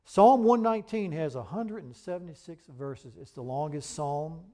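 A man preaching a sermon, earnest and emphatic, who reads scripture aloud in a measured cadence. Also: on the high side, expressive, mellow. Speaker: pastor.

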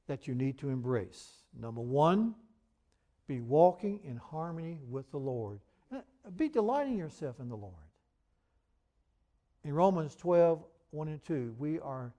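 A man preaching a sermon, earnest and emphatic, who reads scripture aloud in a measured cadence. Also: fairly high pitch, mellow. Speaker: pastor.

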